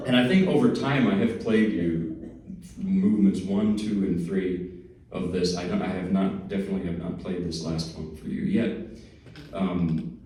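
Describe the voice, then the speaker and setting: A low-voiced man from New Jersey talks to an audience before he plays, chatty and self-deprecating, slipping in small jokes. His tone is warm and mellow. He sounds set back from the mic in a very echoey hall. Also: recorded from a distance, a little hiss or hum. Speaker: pianist giving a lecture recital. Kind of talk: casual spoken introduction to a piece.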